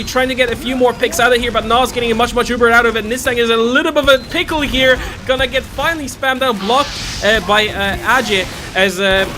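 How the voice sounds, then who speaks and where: A male esports caster giving excited play-by-play commentary, straining as he loses his voice. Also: sits high, slight background noise. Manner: excitable, shouts at big plays. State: losing his voice.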